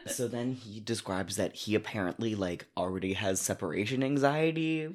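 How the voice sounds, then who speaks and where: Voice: mid-range voice, normal speed, darkish tone. Rambling, exasperated co-host. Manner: rambling, hesitant, many fillers, exasperated. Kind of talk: casual chat recapping a book.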